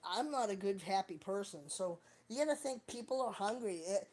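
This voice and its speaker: A woman's voice: mid-range voice, animated, moderate pace, darkish tone. A woman chatting casually on a livestream, rambling, joking and swearing a lot. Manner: profane, rambling, jokey. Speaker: live streamer.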